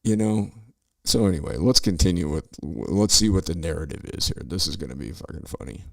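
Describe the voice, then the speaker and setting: A man's voice: deep voice, animated, a little fast, creaky, no echo. A middle-aged man hosting a podcast, ranting and swearing sarcastically while reacting to news clips. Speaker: podcast host. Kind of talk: profane political commentary over news clips.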